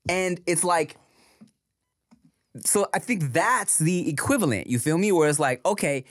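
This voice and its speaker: A man's voice: on the high side, lively intonation, a little slow, no room sound, studio quality. Laid-back slangy man in podcast chat. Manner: laid-back slangy talk, "you feel me" asides. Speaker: podcast co-host. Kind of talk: casual chat.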